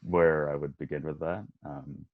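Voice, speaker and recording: A young man with a notably deep, low voice speaks hesitantly in a casual interview, trailing off into fillers. The recording is dry and somewhat muffled. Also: level tone, normal speed, no room sound. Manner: soft-spoken, hesitant with many fillers and laughs. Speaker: guest, aspiring voice actor. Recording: muffled, lo-fi audio.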